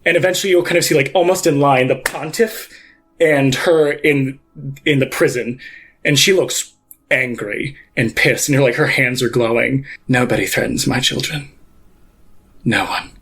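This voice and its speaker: A man's voice: medium pitch, normal speed, fairly bright tone. A man narrating a tabletop game as game master, rambling with many fillers.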